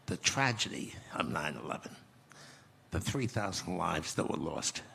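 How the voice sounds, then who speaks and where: A man in his eighties telling a personal story slowly and reflectively as a guest in a conference interview, often restarting his phrases. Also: low-pitched, animated, vocal fry, sharp tone. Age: 80s. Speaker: guest speaker.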